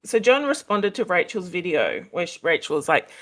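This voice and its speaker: Rambling Australian woman, lower voice. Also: very animated, normal speed, fairly bright tone. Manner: rambling, laughing, many fillers. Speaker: guest. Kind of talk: casual chat. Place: home, next to the kitchen.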